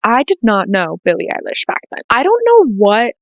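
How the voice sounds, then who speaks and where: A woman's voice: a little high, wildly swooping pitch, moderate pace, no echo, poor audio. A teenage woman with an American accent, hosting her own podcast in a rambling, emotional, casual confessional way with lots of "like". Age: late teens. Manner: emotional, rambling, says "like" often. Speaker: podcast host. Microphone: to camera, self-filmed.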